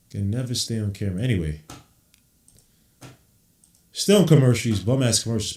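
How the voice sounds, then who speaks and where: A man hosting a podcast, giving casual live play-by-play with loose slang and excited outbursts. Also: fairly low pitch, moderate pace, long pauses, reverberant. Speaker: podcast host. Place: room at home on camera.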